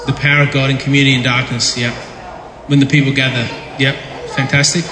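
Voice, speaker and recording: A pastor gives a casual, jokey sermon, talking with his congregation and often restarting and repeating words. He has a medium-pitched, level voice and talks fast, with a crowd audible in a large, echoey church hall with long reverb.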